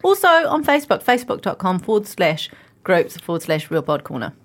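A woman's voice: lowish voice, sing-song, brisk. A woman with a New Zealand accent hosting a casual reality TV podcast in a studio, laughing often. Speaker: podcast host. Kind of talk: casual chat.

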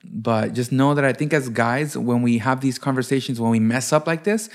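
Casting note: man, gravelly and halting, conciliatory. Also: mid-range voice. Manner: halting, conciliatory, many fillers. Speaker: podcast co-host. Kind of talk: candid couple conversation.

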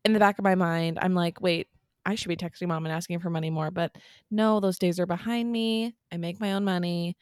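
Young woman co-host, low-ish voice, supportive and chatty, dry close sound. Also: steady tone, no room sound. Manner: supportive reactions, quick laughs. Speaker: podcast co-host. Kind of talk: casual chat.

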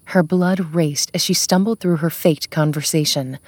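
A woman narrating a suspense audiobook in a steady, measured way. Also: sits low, no room sound.

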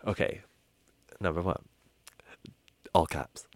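A man with a lower voice chats casually on a podcast, his pitch rising and falling freely. He laughs often and drops into soft asides, recorded dry and close. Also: very animated, normal speed, dry recording. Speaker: podcast co-host. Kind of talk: casual chat.

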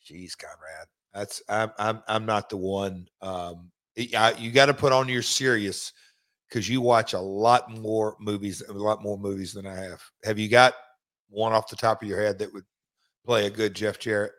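Halting middle-aged man. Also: on the low side, fairly even intonation, fairly bright tone. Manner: halting, many restarts and fillers. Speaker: podcast host. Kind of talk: casual chat.

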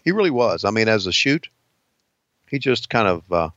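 A man's voice: fairly low pitch, very animated, moderate pace, fairly bright tone, dry recording, lo-fi sound. A man cohosting a podcast, chatting casually, swearing a lot and laughing easily. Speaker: podcast co-host. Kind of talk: casual profane chat.

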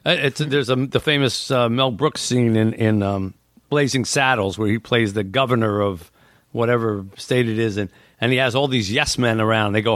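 A man's voice: medium pitch, brisk, fairly bright tone, no echo, clean studio sound. A man hosting a casual talk, explaining ideas and acting out what people say. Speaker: host. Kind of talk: casual podcast chat.

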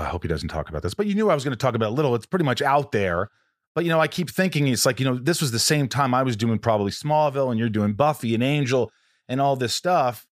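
A man's voice: mid-range voice, no echo, clean studio sound. A middle-aged man hosting a podcast interview, talking in an earnest, rambling way with many restarts. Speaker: podcast host. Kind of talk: casual interview chat.

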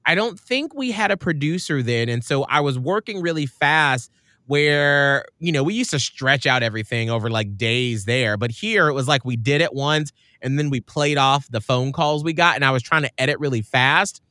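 A man's voice: mid-range voice, normal speed, no echo, clean studio sound. A man, a radio show host, telling stories in casual chat and acting out the voices he quotes. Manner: animated, acts out quoted voices.

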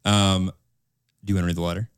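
Deep-voiced man telling a personal story. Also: flat delivery, quick pace, clear, resonant tone, no room sound, clean studio sound. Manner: candid, emotional storytelling with restarts. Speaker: podcast co-host. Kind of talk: casual podcast chat.

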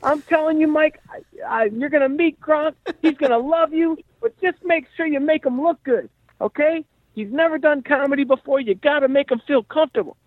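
A man putting on the voice of a brash, upbeat old-school talent manager, talking fast and high. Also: dry recording. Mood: pushy, excited. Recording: dry tinny phone-like sound.

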